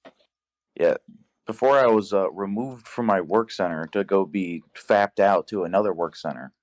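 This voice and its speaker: A young man telling a work story in casual podcast chat, profane and animated, acting out the dialogue. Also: low voice, moderate pace. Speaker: podcast guest.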